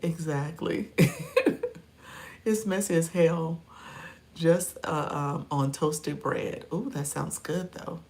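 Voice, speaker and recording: A woman's voice: deep voice, takes it slowly, vocal fry, pauses often, darkish tone. A middle-aged woman hosting a livestream, chatting playfully with viewers and laughing often between remarks. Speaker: livestream host and coach. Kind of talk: casual livestream chat, reacting to viewer comments.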